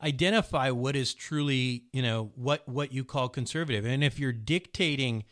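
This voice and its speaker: A man's voice: medium pitch, normal speed, fairly bright tone. A man hosting an interview, speaking thoughtfully and hedging with fillers as he makes a point. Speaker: podcast host. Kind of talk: conversational interview.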